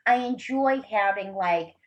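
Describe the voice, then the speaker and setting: A woman in her thirties talks through a laptop microphone as a podcast guest. Her speech is loose and rambling, full of little fillers, and she swears freely. Her pitch sits in an ordinary middle range. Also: a little slow. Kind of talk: casual chat.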